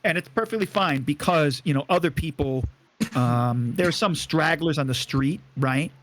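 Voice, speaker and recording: A man's voice: on the high side, moderate pace, fairly bright tone. A man running a tabletop game as game master, narrating in a rambling way with many fillers.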